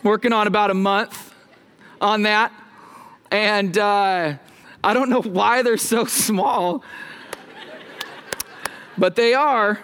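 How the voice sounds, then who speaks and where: A pastor in his thirties preaching a sermon from the front of a church. His voice is high for a man, and he keeps the tone loose and playful, joking with the congregation and asking them to answer back. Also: steady tone, slow, pauses often, fairly bright tone, clean tone, some chatter behind. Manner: casual, joking, talks with the congregation. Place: church sanctuary.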